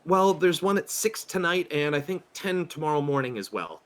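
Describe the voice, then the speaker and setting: A man voicing an excitable, effusive woman who gushes about her church, halting with many fillers. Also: a little high, voice pushed up. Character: gushing, excitable female churchgoer friend.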